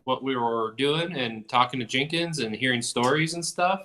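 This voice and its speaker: A man's voice: medium pitch, normal speed, pushed and bright. A man co-hosting a casual podcast, rambling through stories, swearing freely and joking around. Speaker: podcast co-host. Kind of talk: casual chat.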